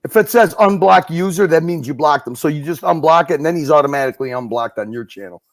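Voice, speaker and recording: A man's voice: fairly high pitch, quick pace, dry recording. A man chatting on a live stream, teasing and swearing freely, laughing often. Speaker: guest co-host on a live stream. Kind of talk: casual live-stream banter.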